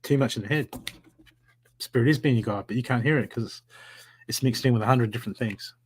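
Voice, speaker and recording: A man giving live psychic readings from home, talking in an animated, encouraging way with a lot of repetition. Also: medium pitch, a little fast, breathy edge. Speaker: psychic reader. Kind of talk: live-streamed spiritual reading.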